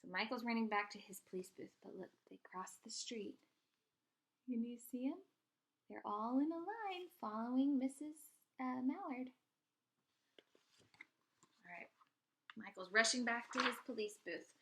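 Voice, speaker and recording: A woman teacher reading a picture book aloud to children, expressive and pointing out the pictures. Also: fairly high pitch, unhurried, long pauses.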